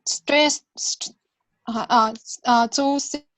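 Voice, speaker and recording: A woman, a learner of English, answering hesitantly with many pauses and fillers. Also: a little high, fairly even intonation, a bit bright. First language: Vietnamese. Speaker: student.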